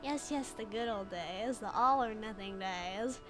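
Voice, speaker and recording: A woman's voice: mid-range voice, a little slow, over music. A woman streamer chatting and giggling while reading game text aloud, in casual gameplay commentary.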